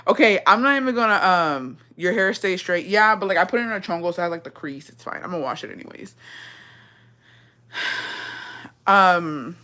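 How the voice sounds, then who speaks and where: A woman's voice: fairly low pitch, animated, normal speed, pauses often, bright, forceful tone. A young adult woman vlogger chatting casually with her viewers in an emotional, rambling way, full of swearing.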